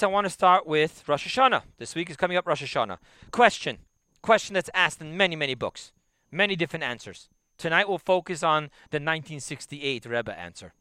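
A man teaching a Torah class, emphatic and repetitive, dropping to quiet asides. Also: high voice, smooth, no echo, studio quality. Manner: emphatic, repeats key phrases, drops to quiet asides.

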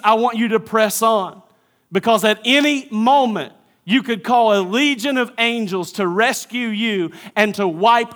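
A male pastor in a dramatic sermon monologue, voicing God the Father as he speaks earnestly to his son and drops to a hushed near-whisper on tender words. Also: sits high.

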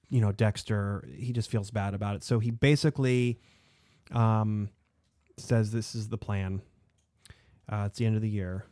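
A man hosting a casual history podcast, talking in an animated, rambling way with lots of fillers. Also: medium pitch, no room sound, clean studio sound. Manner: animated, digressive, frequent fillers. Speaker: podcast host.

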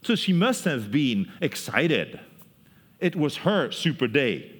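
A man preaching a sermon, telling the story in a lively way, often laughing and acting out the people in it. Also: mid-range voice, takes it slowly, husky. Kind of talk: sermon, animated Bible teaching. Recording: long hall reverb.

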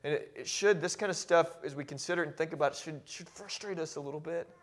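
Male pastor, high voice, impassioned sermon; quiet musing to loud emphatic preaching. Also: quick pace, a little hiss or hum. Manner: repeats and restarts words when carried along.

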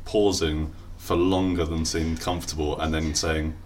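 Male podcast host, very low voice, relaxed questions, faint hiss behind. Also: normal speed. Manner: easygoing, asks questions with hesitant restarts. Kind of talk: casual interview chat.

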